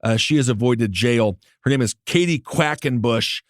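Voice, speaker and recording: Male comedy podcast co-host, mid-pitched, laid-back and dry-witted, close-miked. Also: normal speed, dry recording. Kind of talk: casual comedy podcast chat.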